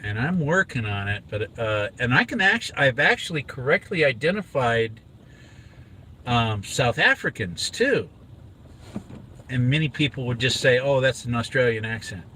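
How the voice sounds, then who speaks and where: A man's voice: mid-range voice, expressive, measured pace, bright, forceful tone, a little hiss or hum, poor audio. A middle-aged man from inland California, rambling casually with lots of fillers while driving with his son. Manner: rambling, chatty, with many fillers. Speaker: father, vlog host. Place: inside a car on a drive.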